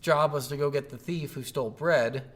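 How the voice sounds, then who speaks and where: A man's voice: on the high side, normal speed, a bit bright. A man co-hosting a casual video game review podcast, rambling, swearing freely and acting out quotes. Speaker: podcast co-host.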